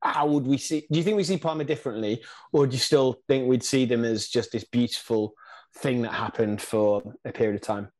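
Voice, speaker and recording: A man's voice: medium pitch, steady tone, brisk, a little mellow. Inquisitive man hosting a podcast. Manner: inquisitive, asks long questions. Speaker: podcast host. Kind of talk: casual podcast chat.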